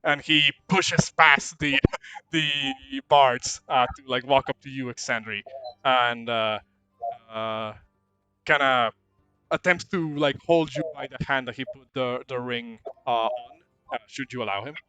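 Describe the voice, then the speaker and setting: A man's voice: mid-range voice, a little slow, pushed and bright, clear, resonant tone, no room sound, faint music behind. A man narrating a tabletop game as game master, rambling and hesitant with many restarts.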